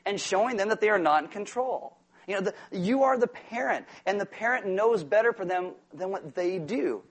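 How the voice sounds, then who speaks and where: Animated high-voiced preacher. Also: male voice, moderate pace. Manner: animated, acts out quotes and toddlers with big swings in volume. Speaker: pastor. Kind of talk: sermon.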